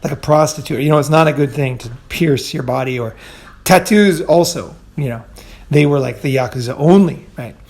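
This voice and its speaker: A man with a gravelly edge and a slightly higher pitch than most men, talking off the cuff. He rambles through anecdotes with frequent fillers, swearing casually and chuckling at his own stories. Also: moderate pace, darkish tone. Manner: rambling, loose, with many fillers and asides. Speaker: podcast host. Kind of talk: casual storytelling monologue.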